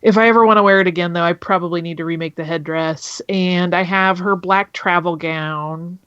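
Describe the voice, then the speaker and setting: A woman's voice: on the low side, fairly even intonation, moderate pace, a bit bright, clear, resonant tone, dry recording, lo-fi sound. A woman guest in casual chat, talking in a chatty way with plenty of fillers, heard over a video call. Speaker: podcast guest.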